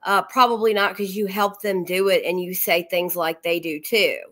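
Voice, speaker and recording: Bright-voiced woman co-hosting. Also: fairly low pitch, fairly even intonation, normal speed. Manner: defensive, emphatic. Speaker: co-host. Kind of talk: casual chat.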